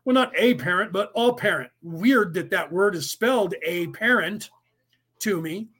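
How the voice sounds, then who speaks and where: A man's voice: high voice, measured pace, sharp tone, slightly rough. A man delivering a rambling, profane monologue, full of rhetorical questions and sudden bursts of speed.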